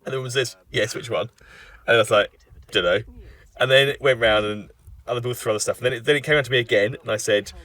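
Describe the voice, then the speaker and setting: A man's voice: mid-range voice, fast, a bit bright, distant mic. A man recording a film commentary, telling a self-deprecating anecdote in casual chat. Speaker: film writer giving commentary.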